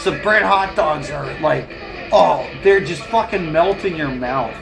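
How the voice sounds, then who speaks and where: A man's voice: on the high side, measured pace, vocal fry, music in the background, poor audio. A man on a live stream, chatting casually and ranting with heavy swearing and frequent laughs. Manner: profane, ranting, laughs often. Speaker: livestreamer.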